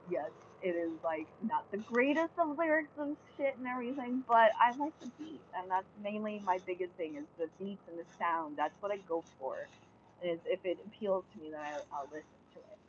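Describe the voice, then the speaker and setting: A young adult woman vlogging and chatting casually to camera while reading viewer comments, blunt and heavily profane, flaring into loud angry rants. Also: lowish voice. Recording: dull lo-fi sound with faint noise.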